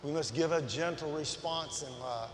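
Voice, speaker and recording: A man preaching a sermon as a guest preacher, passionate and swinging from soft, slow lines to loud, shouted ones. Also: fairly high pitch, background noise. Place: large church sanctuary. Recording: echoey church hall.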